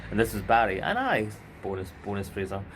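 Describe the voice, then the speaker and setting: A lower-voiced man chatting outdoors about a TV episode he just watched. He talks in an excitable, joking way with the odd mild curse. Faint ambient noise sits behind him. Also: brisk. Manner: excitable, swearing lightly, joking. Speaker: channel host reacting to TV episode. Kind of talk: casual reaction chat. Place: outdoors in a remote spot. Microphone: handheld mic held by co-host.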